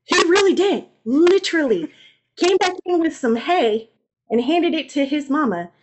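A young woman co-hosting a podcast, retelling old stories in an animated, slangy, comedic way. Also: sits high, moderate pace, noisy background. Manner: animated, slangy, acts out voices. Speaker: podcast co-host. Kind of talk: comedic storytelling.

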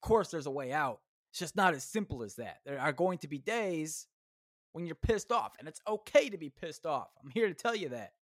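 A man's voice: on the high side, very animated, moderate pace, no echo, clean studio sound. A man hosting a solo podcast, ranting casually, swearing constantly and rambling off on tangents. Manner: rambling, self-interrupting. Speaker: podcast host.

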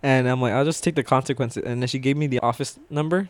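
Talking fast in a mid-range voice with fairly even intonation, this man swaps warehouse work stories in a loose, rambling chat. He curses a lot and laughs frequently, and there's no room sound at all.

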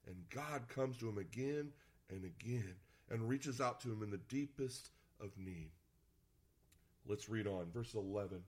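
A man's voice: on the low side, unhurried, a little mellow. A man preaching a sermon as pastor, reading scripture aloud and talking to the congregation in a conversational, playful way.

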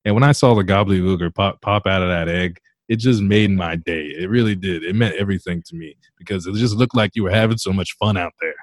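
Deadpan male host, low voice, dry close sound, asks earnest questions. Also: fast talker, hardly any pauses, no room sound. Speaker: interviewer host.

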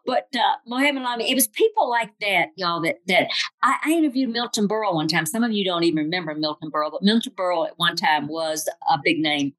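A woman's voice: medium pitch, no echo, poor audio. An older woman with a Southern accent from Tennessee, giving a humorous, folksy motivational talk full of stories. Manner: folksy, humorous, animated storyteller. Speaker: motivational speaker.

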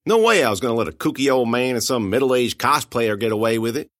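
A man narrating a first-person audiobook with lively, expressive storytelling. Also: medium pitch, fast, no echo, studio quality.

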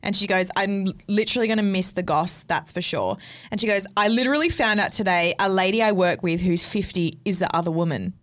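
A woman's voice: medium pitch, fairly quick. A young Australian woman co-hosting a podcast, blunt and teasing, swearing freely in casual chat. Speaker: podcast co-host.

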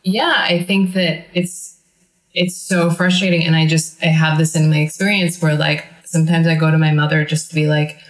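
A woman with a very low voice speaks emphatically and sympathetically, blunt and unfiltered. The recording has a roomy echo. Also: flat delivery, moderate pace. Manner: empathetic, blunt and emphatic, with some swearing. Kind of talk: casual chat.

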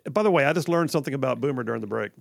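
A man's voice: medium pitch, expressive, very fast, gravelly. A man hosting a talk radio show, joking and laughing with his co-host in folksy banter.

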